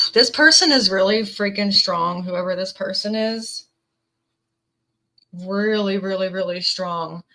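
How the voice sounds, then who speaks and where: A woman's voice: medium pitch, slow pace, pauses often, sharp tone, rough recording. A woman giving an earnest, emotional tarot reading to camera, reading card messages aloud and filling her talk with "definitely" and "like". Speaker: tarot reader.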